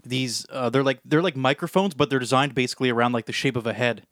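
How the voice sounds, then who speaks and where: A man's voice: medium pitch, fast, fairly bright tone, dry recording, studio quality. A man co-hosting a casual podcast, playful and fond of saying dude. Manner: playful, says "dude" a lot. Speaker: podcast co-host. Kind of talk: casual chat. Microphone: headphones and studio mic.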